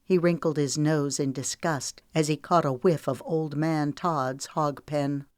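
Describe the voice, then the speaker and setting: A woman author narrating her own historical novel in a measured, dramatic reading. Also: low voice, steady tone, a little mellow, no echo, clean studio sound. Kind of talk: audiobook narration.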